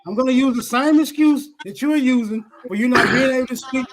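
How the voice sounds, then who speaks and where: A man's voice: very high-pitched, fairly quick, heavy background noise. A man from the southern United States with a Southern accent, firing back defensive, profane retorts in a heated online debate. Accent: Southern American.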